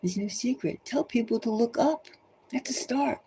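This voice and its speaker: This tarot reader speaks at a moderate pace in a warm voice that sits on the high side. Her monologue is fervent and preachy, full of repeated urgent exhortations and occasional whispers, captured on a low-quality recording with a little hiss or hum.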